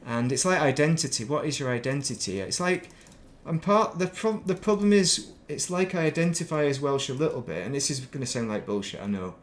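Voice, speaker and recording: A middle-aged man with a softened northern English accent, chatting casually and rambling while streaming a game. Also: mid-range voice, brisk, few pauses. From northern England. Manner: rambling, thinks aloud, laughs at himself. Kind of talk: casual chat while playing.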